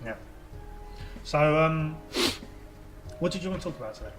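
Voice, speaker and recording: A man's voice: fairly high pitch, animated, normal speed, over music, rough recording. A man co-hosting a casual podcast at an English school, joking around in a loose, playful way. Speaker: podcast co-host and English teacher.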